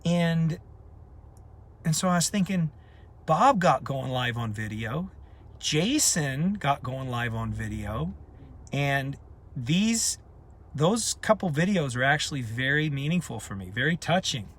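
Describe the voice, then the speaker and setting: A man's voice: a little high, very animated, a little slow, fairly bright tone. A man leading a community, talking in an unscripted live video, emphatic and passionate, hammering points home by repeating them. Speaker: community leader.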